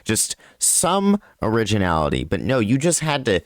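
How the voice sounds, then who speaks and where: A young man with a very low voice delivers blunt, scornful commentary. The sound is dry and close, with no room around it. He talks straight to his viewers like a scripted video host. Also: wildly swooping pitch, normal speed, dry recording. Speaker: commentary YouTuber.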